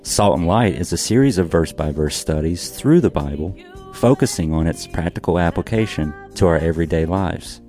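A man introduces a religious radio program in a smooth, scripted announcer style. His voice is very low and warm. Soft guitar plays under him. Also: moderate pace. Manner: smooth, steady announcer delivery.

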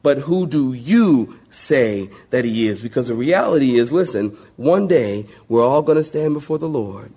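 A man preaching a sermon as pastor, speaking, joking with the congregation and calling for amens, then dropping to a slow, hushed voice to make a point. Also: mid-range voice, slightly rough. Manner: animated preaching with a call-and-response to the congregation; folksy humor and sudden drops to a hushed, slow voice.

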